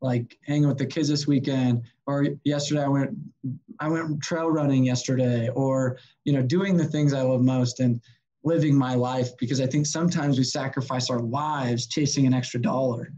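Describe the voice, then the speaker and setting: A man's voice: mid-range voice, normal speed, lo-fi sound. A man, a podcast guest and sales consultant, telling stories casually and acting out the voices of people he quotes, with some swearing. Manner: animated, swearing, acts out quoted dialogue. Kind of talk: casual storytelling interview.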